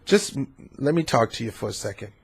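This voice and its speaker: A man voicing a greedy, spoiled rich wife in a mocking high falsetto. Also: very animated, a little fast, husky, exaggerated voice. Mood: doting.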